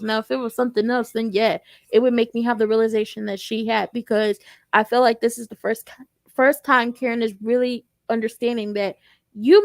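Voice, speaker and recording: A young woman in a sassy, joking tone recapping a TV episode in a casual, animated way. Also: fairly high pitch, a little fast, dry recording. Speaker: tv recap vlogger.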